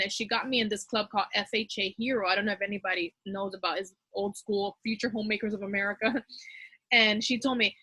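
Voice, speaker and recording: A woman teacher talks quickly and casually, passing advice along to other teachers. Her voice is bright and sits a little high, and the sound is close and dry. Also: steady tone, slightly rough, no room sound. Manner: fast-talking, chatty, with frequent fillers. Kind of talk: casual talk giving advice to fellow teachers.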